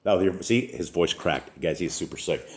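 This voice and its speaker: Deep-voiced man preaching in an echoey room. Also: expressive, moderate pace, slight background noise. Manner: joking, then emphatic and preachy. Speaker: host of a family scripture channel. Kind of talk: casual talk with preaching.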